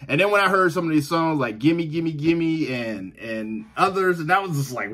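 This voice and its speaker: A man's voice: fairly high pitch, animated, moderate pace, few pauses, a bit bright. A man from the American South with a Southern accent, chatting enthusiastically to his viewers as a reaction video host, repeating himself and laughing often. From Southern United States. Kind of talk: casual direct-to-camera chat.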